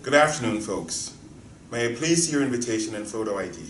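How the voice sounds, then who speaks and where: A man reading a polite, firm security guard with a courteous, formal manner at a middle pitch. The voice sounds distant in a roomy space, with faint noise behind. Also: lively intonation, brisk, lightly acted.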